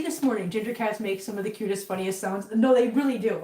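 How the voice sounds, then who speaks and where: Speaking fast with few pauses, a woman's medium-pitched voice carries a dark tone. She hosts a casual livestream in her home kitchen, chatty and emotional, slipping into baby talk for her cats between viewer chats. The sound is echoey and she seems far from the mic.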